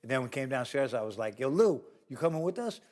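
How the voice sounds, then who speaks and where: A man's voice: medium pitch, fast. A middle-aged man from New York, telling a wild story as an interview guest, profane and acting out the voices of others. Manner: animated, profane, acts out cops' voices.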